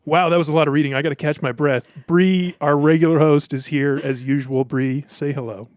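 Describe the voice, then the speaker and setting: A man's voice: fairly high pitch, steady tone, brisk, no room sound, studio quality. An American man, a radio producer, hosting a podcast chat in a playful, theatrical way. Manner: playful, theatrical opening reading. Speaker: producer and fill-in host.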